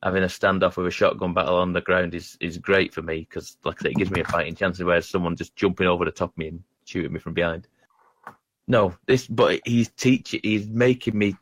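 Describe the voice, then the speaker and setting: A man with a deep, low-pitched voice chats casually about video games. He rambles and stumbles over his words, often poking fun at himself, and sounds close and dry. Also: flat delivery, fairly bright tone, no room sound. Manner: rambling, halting, self-deprecating. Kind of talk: casual gaming chat.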